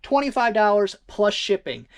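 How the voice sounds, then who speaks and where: Reseller vlogger, mid pitch, casual and rambling, thinks out loud. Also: sing-song, normal speed. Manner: rambling, thinking aloud, conversational. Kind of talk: casual vlog chat.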